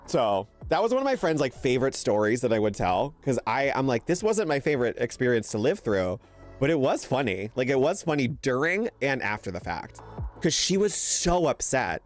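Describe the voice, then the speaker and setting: A man's voice: mid-range voice, sing-song, moderate pace, soft background music. A young man streaming a game, telling a rambling story in a casual chat and laughing often.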